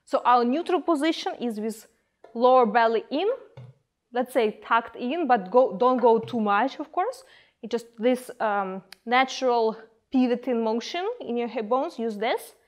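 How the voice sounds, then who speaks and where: High-voiced woman coaching a dance class. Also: unhurried. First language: Ukrainian. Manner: calm, coaching cues with counting. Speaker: belly dance instructor. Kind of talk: guided dance class instruction.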